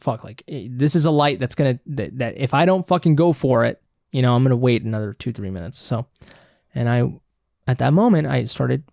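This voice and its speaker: A man's voice: on the high side, gravelly, a little mellow, no echo, clean studio sound. A man hosting a casual solo podcast, rambling and swearing freely as he corrects himself mid-sentence. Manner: rambling, profane, self-correcting. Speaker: podcast host.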